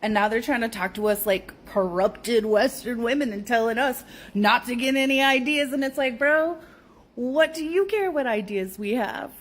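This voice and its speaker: A woman's voice: on the high side, normal speed. A woman giving sarcastic, mocking casual commentary.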